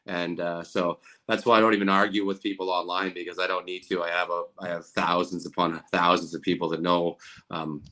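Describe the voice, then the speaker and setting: A man's voice: low voice, level tone, brisk, bright, forceful tone. A man speaking as a guest in a casual interview, earnest and rambling, with many restarts. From Canada.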